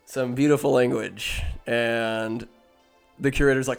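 A man's voice: medium pitch, little pitch movement, slow, clear, resonant tone, soft background music. A man giving a rambling comic movie recap, full of jokey asides and self-interruptions.

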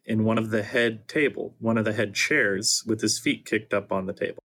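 A man's voice: fairly low pitch, moderate pace, breathy edge. Laid-back man running a tabletop game. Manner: relaxed, laid-back narration with fillers. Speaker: game master. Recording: music playing behind.

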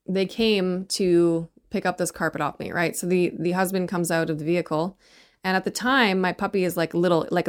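Opinionated woman with a lowish voice. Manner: opinionated, rambling, frequent "right?" tags. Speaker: commentator on parenting. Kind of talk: casual monologue.

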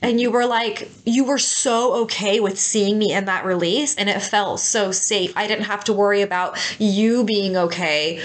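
A woman's voice: medium pitch, fairly even intonation, normal speed, hardly any pauses. Open, talkative woman podcast host. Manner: open, emotional, heavy on filler words. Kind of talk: intimate couple's podcast chat.

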